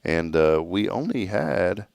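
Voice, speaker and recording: A man with a low, gravelly voice hosts a local morning show, his pitch rising and falling with lively swings. He reads viewer greetings and jokes with his co-host, and the sound is close and dry. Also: slow, dry recording. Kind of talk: reading a sponsor message, then casual chat.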